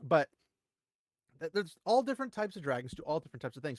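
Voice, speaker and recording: Brief: fairly high-voiced male host, casual rambling commentary, dry close mic. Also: quick pace, no room sound. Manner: animated, rambling, with wide pitch jumps for emphasis. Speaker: channel host.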